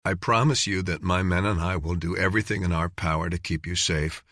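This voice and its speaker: A man voicing a tough male master sergeant who speaks in an earnest, measured, restrained way. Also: deep voice, steady tone, a bit bright, no echo, clean studio sound.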